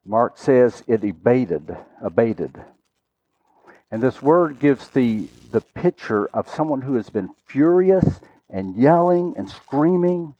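A man preaching a sermon, telling a story dramatically and swinging from loud, urgent lines to hushed, quiet ones. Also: mid-range voice, lively intonation, slow pace, highs cut off.

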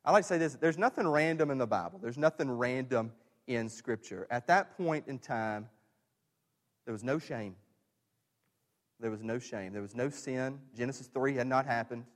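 A middle-aged male pastor preaching a sermon, emphatic and repetitive, rising to loud stresses and dropping to quiet lows. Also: moderate pace, in a large hall.

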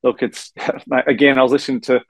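A man's voice: medium pitch, level tone, brisk, breathy edge, no echo, rough recording. An Australian man and former player co-hosting a casual sports podcast from a hotel room, rambling and dropping "mate" often. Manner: rambling, many fillers and restarts, says mate often.

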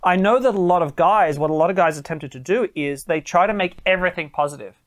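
A man's voice: high voice, fast. A man giving dating advice straight to camera, emphatic and repeating phrases for stress. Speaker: dating coach.

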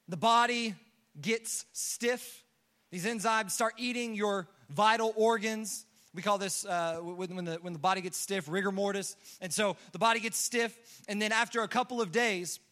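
A young man preaching a sermon, telling a story with lively acted-out quotes and casual fillers. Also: high-pitched. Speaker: pastor.

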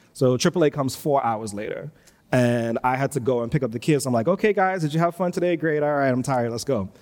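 A man's voice: medium pitch, darkish tone. Male preacher, live church sermon, reverberant hall, self-deprecating storyteller. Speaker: pastor. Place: church sanctuary.

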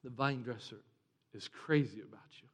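A man preaching a sermon as pastor, animated and joking, sometimes mimicking whiny voices. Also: mid-range voice, moderate pace. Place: church sanctuary. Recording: long reverb of a large hall.

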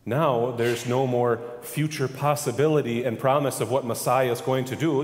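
A man's voice: mid-range voice, steady tone, normal speed, hardly any pauses. Preaching man in an echoing hall. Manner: emphatic preaching with rhetorical questions. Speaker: pastor. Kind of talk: sermon.

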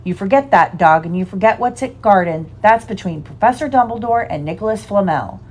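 A woman voicing a big, gruff, secretive male groundskeeper in a storybook reading. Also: mid-range voice, lively intonation, fairly quick, darkish tone. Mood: heated. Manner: gruff, insistent.

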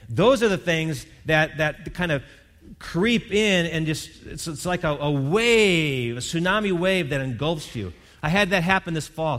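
A man's voice: a little high, fairly bright tone. A middle-aged man preaching a sermon in a conversational way, often repeating words and rising into emphatic bursts. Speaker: pastor. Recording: reverberant hall.

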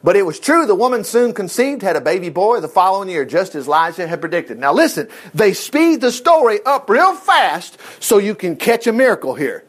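A middle-aged man preaching a sermon as pastor, telling stories in a folksy, animated way with chuckled asides. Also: high-pitched, brisk, few pauses.

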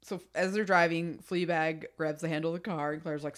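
A woman's voice: deep voice, fairly even intonation, a little fast. A woman in her thirties co-hosting a casual recap podcast, telling stories and acting out lines. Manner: chatty storyteller, acts out quotes. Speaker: podcast co-host.

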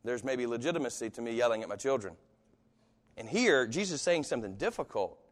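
A long hall reverb surrounds this pastor as he preaches conversationally, acting out the people he quotes. His voice is mid-range, expressive and a little fast.

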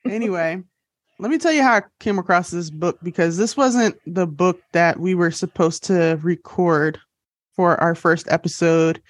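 A woman's voice: fairly low pitch, moderate pace, no echo, studio quality. A young woman hosting a podcast in casual chat, bubbly and laughing at her own jokes. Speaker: podcast host.

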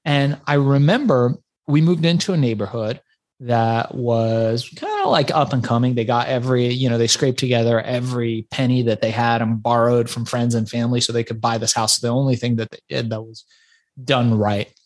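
A man's voice: medium pitch, moderate pace. Iran-born man telling his story. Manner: animated storyteller with frequent restarts. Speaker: podcast guest. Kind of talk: casual interview storytelling.

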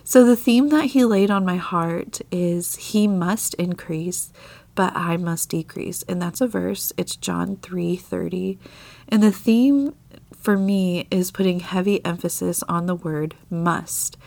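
Woman, scratchy gravelly voice, earnest devotional podcast talk, dry close sound. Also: on the low side, a little slow, dry recording. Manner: earnest, confessional, soft laughs. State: scratchy voice from tail end of an illness. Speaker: podcast host.

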